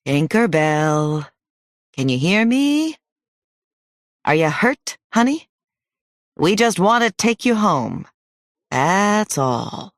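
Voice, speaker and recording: A man voicing a middle-aged hunter who coaxes in a slow, falsely gentle voice for an audiobook. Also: sits high, sing-song, no room sound, studio quality, pitched above the performer's own voice, full character voice. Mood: coaxing. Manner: coaxing, slow and sweet-talking. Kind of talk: audiobook character reading.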